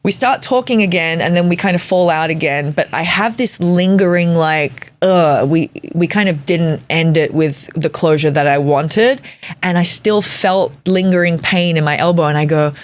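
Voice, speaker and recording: A woman in her forties, a comedian guest on a podcast, telling a story in an animated, comic way with casual swearing. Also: fairly low pitch, normal speed. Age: 40s.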